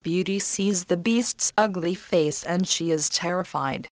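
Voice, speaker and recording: Woman reading a storybook for learners, slow and clear, dry close sound. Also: on the low side, no room sound. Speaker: narrator.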